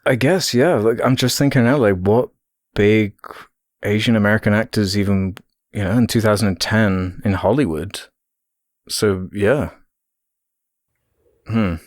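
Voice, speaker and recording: A man co-hosting a podcast, speaking in a fairly low voice. He talks in an easygoing, hesitant way, softening his points with ums and qualifiers. The recording is close and dry. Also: measured pace, long pauses, no room sound. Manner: laid-back, hesitant with ums and hedges. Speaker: podcast co-host. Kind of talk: casual chat.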